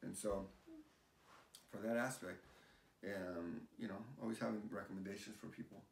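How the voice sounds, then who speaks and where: Gravelly-voiced man talking in a roomy space. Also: deep voice, normal speed. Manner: animated, rambling, repeats phrases. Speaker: realtor guest. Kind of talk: casual chat. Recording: roomy, distant mic, faint hiss.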